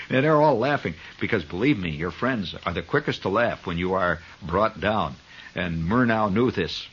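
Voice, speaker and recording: Lively 1970s radio storyteller, man. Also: mid-range voice, moderate pace, slightly rough. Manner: animated storyteller, many restarts and asides. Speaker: radio host. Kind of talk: improvised radio monologue. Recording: dull 1970s radio broadcast.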